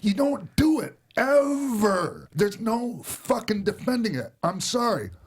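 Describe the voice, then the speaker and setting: A man talks on a podcast in a high voice and rants with heat, swearing freely as he vents. His tone is casual and blunt. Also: big pitch swings, slow, husky. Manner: ranting, profane, heated. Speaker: podcast host.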